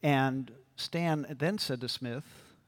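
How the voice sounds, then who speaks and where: A man's voice: mid-range voice, takes it slowly. A man preaching a sermon as pastor, earnest and building to emphatic peaks, often checking in with his congregation. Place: church sanctuary. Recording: long reverb of a large hall.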